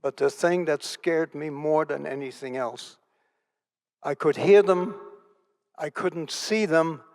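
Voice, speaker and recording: An older man recounts his memories in a smooth, clear voice pitched a little high for a man. He speaks earnestly and vividly, circling back on key phrases to drive them home. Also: slow pace, a little mellow. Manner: earnest, vivid storytelling with repetition for emphasis. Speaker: Holocaust survivor, keynote speaker. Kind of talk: personal testimony in an onstage interview.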